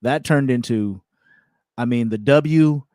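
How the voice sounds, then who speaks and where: A young man hosting a self-improvement show, telling a personal story in a candid, repetitive, animated way. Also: medium pitch, slow pace, dry recording, studio quality. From California. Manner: candid, repeats words, animated retelling with laughs. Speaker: self-improvement podcast host.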